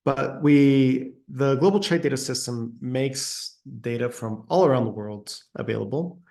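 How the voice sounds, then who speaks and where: A man walks through charts in a webinar presentation. His voice has a gravelly edge. He talks with frequent fillers and restarts, speeding up and slowing down as he thinks. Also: mid-range voice, darkish tone. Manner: hesitant, many fillers and restarts, uneven pace. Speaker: presenter on trade data.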